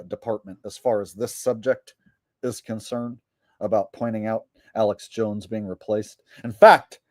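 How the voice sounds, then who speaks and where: A man's voice: medium pitch, darkish tone, no echo, clean studio sound. A man, a comedian, doing live stream commentary in a boastful, profane, rambling way.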